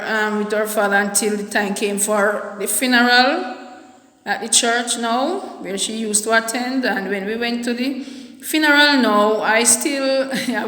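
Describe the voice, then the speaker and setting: A woman telling a personal story in a halting, soft-spoken way, often repeating her words. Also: fairly high pitch. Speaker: vlogger. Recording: echoey room with long reverb.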